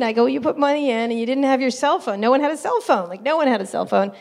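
Guest spot: middle-aged woman reporter, animated raconteur, breaks into laughs mid-story. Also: mid-range voice, moderate pace, creaky. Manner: animated, laughing asides, acts out quotes. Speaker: interview guest, journalist. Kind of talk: casual storytelling interview.

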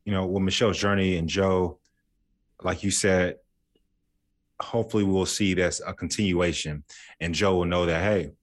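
A man's voice: sits low, fairly even intonation, normal speed, pauses often. A man co-hosting a casual chat, playful and jokey, laughing as he imitates his friends. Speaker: podcast co-host.

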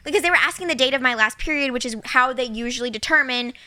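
A young adult woman co-hosting a casual podcast chat, telling a story in lively fashion and acting out the voices of the people she quotes. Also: high-pitched, fast. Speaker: podcast co-host.

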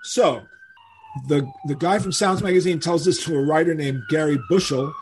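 An older man, telling animated stories as a guest in a podcast interview and acting out the people he quotes. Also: on the high side, moderate pace, a little hiss or hum. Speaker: guest musician.

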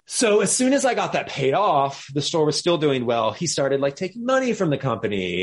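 A man, a podcast guest, telling a lively story with laughter and acted-out quotes. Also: a little high, a little fast, hardly any pauses. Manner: animated, laughing, acts out quoted voices.

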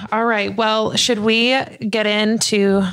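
A woman's voice: medium pitch, flat delivery, slow, a bit bright. A woman hosting a podcast, talking in a chatty, open way with a lot of "like". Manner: chatty and open, heavy use of "like". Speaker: podcast host. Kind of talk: casual podcast chat.

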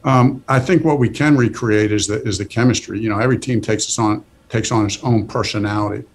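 A middle-aged football coach being interviewed, talking earnestly and stopping often to restart his sentences. His voice runs a little low. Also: breathy edge. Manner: earnest, halting, full of restarts. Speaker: football head coach, guest. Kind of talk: casual interview.

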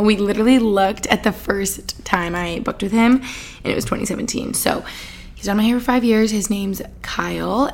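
A young woman in her twenties from the Boston area, hosting a casual solo podcast, chatty and giggly, with lots of fillers. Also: mid-range voice. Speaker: podcast host.

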